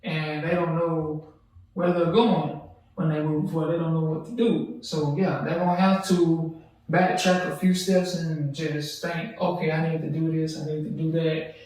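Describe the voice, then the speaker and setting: Male co-host, laid-back, slightly high voice; distant mic in an echoey room, faint hiss. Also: flat delivery, moderate pace, a little mellow. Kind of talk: casual chat.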